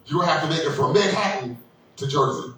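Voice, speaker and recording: A man doing a stand-up comedy set, loud and crude, acting out characters in high squealing voices. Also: fast talker, very noisy. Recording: echoey room, mic heard from a distance.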